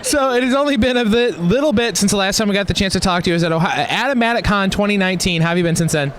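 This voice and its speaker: A man's voice: high voice, lively intonation, rapid-fire, fairly bright tone. A man interviewing a guest at a convention, asking friendly questions with fillers and restarts.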